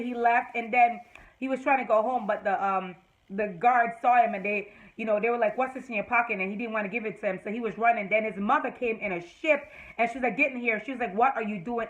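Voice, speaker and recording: A woman vlogger giving a chatty, animated recap of a TV episode, full of fillers and restarts. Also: medium pitch, highs cut off. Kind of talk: casual recap talk to camera.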